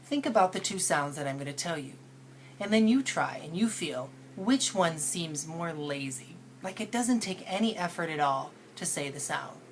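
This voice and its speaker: Deep-toned woman, friendly pronunciation teacher talking to camera, teasing questions. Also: lively intonation, normal speed, slight background noise. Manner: playful, coaxing, asks learners questions. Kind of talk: instructional lesson to camera.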